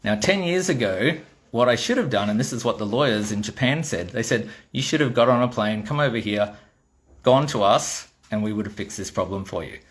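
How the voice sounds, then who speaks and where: A man's voice: on the low side, fairly quick. A middle-aged Australian man who designs toys, telling a blunt, swearing story in a casual monologue, acting out the dialogue as he goes. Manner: blunt and swearing, animated retelling with quoted dialogue. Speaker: toy designer.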